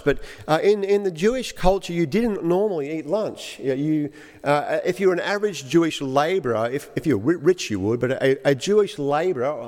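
Male preacher, slightly high voice, halting delivery, long hall reverb. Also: darkish tone. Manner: halting, repeats words while explaining. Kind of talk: sermon.

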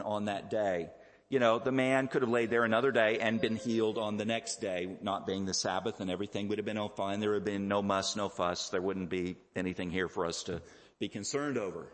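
A man preaching a sermon in a measured, explanatory way, often pausing with fillers and repeated words. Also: on the low side. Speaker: pastor. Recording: echoey hall.

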